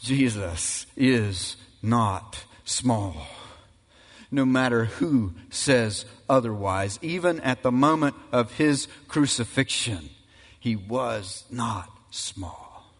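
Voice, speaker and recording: Slow, deliberate preacher in a reverberant hall. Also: male voice, mid-range voice, lively intonation. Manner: emphatic, building to loud climaxes. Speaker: pastor. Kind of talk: sermon.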